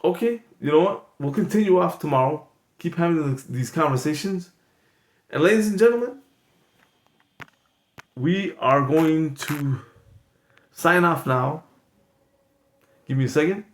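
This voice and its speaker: A man's voice: on the high side, animated, measured pace, long pauses. A man hosting an improv comedy stream, talking in a rambling, joking, loose way as he wraps up. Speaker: comedy channel host. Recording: echoey room, loud background noise.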